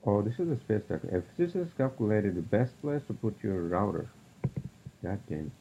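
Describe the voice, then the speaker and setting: A man's voice: lowish voice, very animated, normal speed, warm tone, husky, muffled recording. A man hosting a solo podcast, rambling through topics with lots of fillers and profane rants. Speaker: podcast host.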